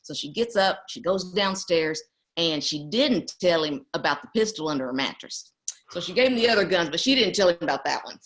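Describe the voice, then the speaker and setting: A middle-aged woman tells a family story in a casual interview. Her voice sits a little low for a woman. She is an animated storyteller who laughs often. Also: a little fast. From East Texas. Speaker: guest.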